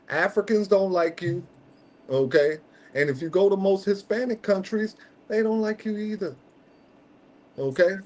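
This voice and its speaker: High-voiced man hosting, emphatic. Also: darkish tone. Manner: emphatic, peppers points with "okay?"; slangy, conversational. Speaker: host. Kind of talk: casual podcast chat.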